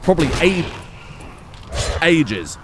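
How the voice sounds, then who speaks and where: A man's voice: fairly high pitch, big pitch swings, slow pace. Young guy streaming a game, voice swings all over, swears a lot, faint hiss behind. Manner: swears and panics, swinging from mutters to yelps. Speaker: gaming streamer. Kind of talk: live gameplay commentary.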